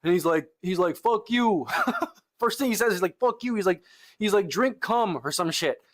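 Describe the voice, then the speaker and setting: His voice is high and a bit bright, with lively intonation and a moderate pace. The speaker is a young man streaming from the gym, laid-back as he talks to chat with lots of "bro" and "like," sighing between sets with arms tired from lifting.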